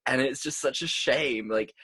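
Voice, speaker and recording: A young man co-hosting a casual movie podcast, excitable, swearing often and laughing a lot. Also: medium pitch, moderate pace, breathy edge, dry recording. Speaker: podcast co-host. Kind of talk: casual chat.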